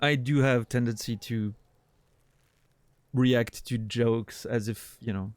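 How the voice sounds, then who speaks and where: Guy streaming a game, deadpan jokes, thinking out loud, mid-range voice, dry close mic. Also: medium pitch, slow pace, dry recording. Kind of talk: casual gameplay commentary.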